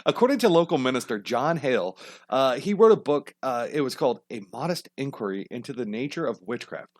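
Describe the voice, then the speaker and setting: A man's voice: mid-range voice, expressive, brisk, no room sound, studio quality. A man hosting a podcast, telling a history story casually with lots of swearing and jokey tangents. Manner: profane, rambling, jokey tangents. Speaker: podcast host.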